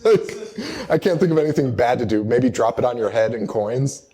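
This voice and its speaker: A man's voice: medium pitch, lively intonation, moderate pace, crowd noise. A young man hosting a live horror podcast, recapping a movie in rambling, casual banter with lots of laughter and acted-out quotes. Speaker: podcast host. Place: live show in a bar or venue.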